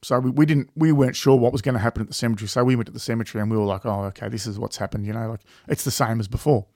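Rambling Australian bloke, swearing freely. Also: male voice, mid-range voice, very fast, darkish tone, dry recording, studio quality. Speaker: podcast co-host. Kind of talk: casual chat.

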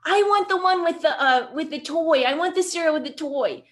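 A woman's voice: high voice, normal speed, fairly bright tone, voice pushed up. A woman voicing a whiny, demanding young child pestering a parent in a grocery store. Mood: whining. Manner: pleading, insistent repetition.

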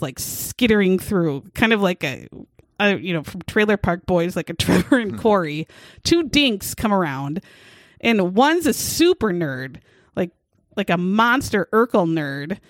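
A woman hosting a podcast, retelling a true-crime story in a casual, animated way and laughing often. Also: mid-range voice, no echo. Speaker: podcast host.

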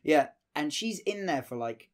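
A man's voice: on the high side, animated, moderate pace. A young man telling a rambling, sweary anecdote in casual chat, full of fillers.

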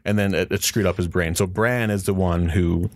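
A man with a very deep, low voice talks in a casual chat. His sound is dry, with no room around it. He is blunt and ready to argue. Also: steady tone, moderate pace, dry recording. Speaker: podcast co-host.

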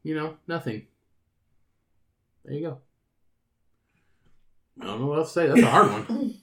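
A man's voice: on the high side, sing-song, normal speed, fairly bright tone, roomy sound. A man co-hosting a podcast, talking in a rambling, casual way, swearing a lot and laughing often. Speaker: podcast co-host. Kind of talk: casual chat.

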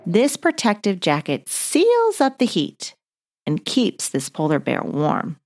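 A woman hosting a children's mindfulness story, gently guiding breathing and movement exercises. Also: medium pitch, huge pitch swings, slow pace. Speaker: host of children's mindfulness podcast.

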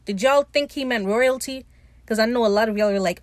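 A young woman hosting a podcast, recapping a TV episode in an animated, profane, teasing way. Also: on the high side, fairly quick, no room sound. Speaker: podcast host.

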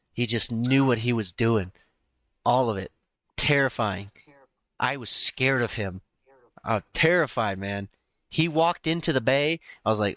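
A man's voice: mid-range voice, a bit bright, no echo. A man co-hosting a podcast, chatting casually with crude jokes. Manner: profane, joking. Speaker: podcast co-host. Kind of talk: casual chat.

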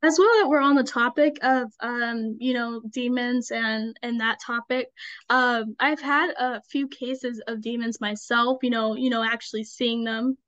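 A woman hosts a casual interview, her voice sitting somewhat high. She chats loosely, leaning on fillers and quick agreement. The recording is a little muffled and dry, with no room echo. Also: steady tone, a bit bright. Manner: chatty, frequent fillers and affirmations. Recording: dull, slightly lo-fi dry sound.

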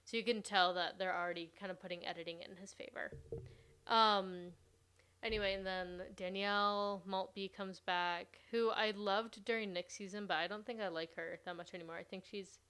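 A woman's voice: mid-range voice, steady tone, moderate pace, pushed and bright, a little hiss or hum. A young woman hosting a podcast, chatting casually and gushing as she recaps a reality show, with "like" in nearly every sentence. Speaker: podcast host.

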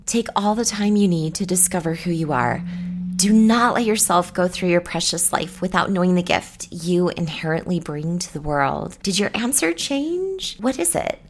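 A woman's voice: fairly low pitch, expressive, normal speed, slight background noise. Playful, encouraging woman podcast host. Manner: playful, encouraging, speaks straight to the listener. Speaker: podcast host and meditation teacher. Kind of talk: solo podcast talk.

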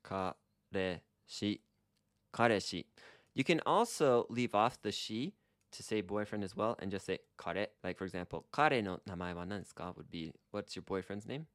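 A man co-hosting a casual podcast lesson, laughing often and slowly modeling Japanese phrases. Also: on the low side, lively intonation, fairly bright tone, dry recording, clean studio sound. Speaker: Japanese language co-host.

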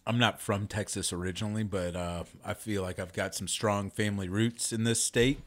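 A man's voice: on the low side, steady tone, moderate pace, a bit bright. A man co-hosting a casual podcast, laid-back with a dry sense of humor. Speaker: podcast co-host.

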